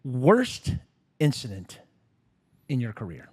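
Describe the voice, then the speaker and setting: A male podcast host who talks slowly and at a middle pitch. He keeps the interview casual and mostly chimes in with short encouraging replies while his guest talks. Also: huge pitch swings, darkish tone, slightly rough.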